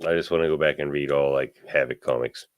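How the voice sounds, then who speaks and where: A man with a very deep voice co-hosts a podcast in relaxed casual chat. He drops dry, joking asides, recorded close and dry with no room sound. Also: fast talker, no echo. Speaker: podcast co-host.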